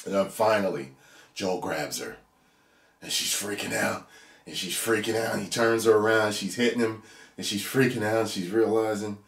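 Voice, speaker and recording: A man giving a casual video review of a TV episode, animated, laughing often and breaking into loud whoops. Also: on the low side, normal speed. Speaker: TV show reviewer. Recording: echoey room.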